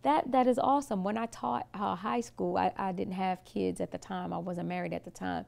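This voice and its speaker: A woman's voice: medium pitch, fairly even intonation, normal speed, creaky, darkish tone. A woman hosting a talk show, speaking in an emphatic, encouraging manner. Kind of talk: casual interview talk.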